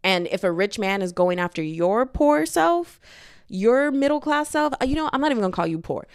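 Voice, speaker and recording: A woman's voice: on the high side, sing-song, normal speed, smooth, dry recording, clean studio sound. A young woman hosting a podcast, talking casually in a slangy, chatty way and acting out the people she quotes. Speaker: podcast host. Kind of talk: casual commentary monologue.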